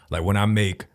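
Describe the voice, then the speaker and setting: A man hosting a podcast, talking in a laid-back, slangy way in casual conversation. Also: fairly low pitch. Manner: laid-back slangy talk with frequent laughs.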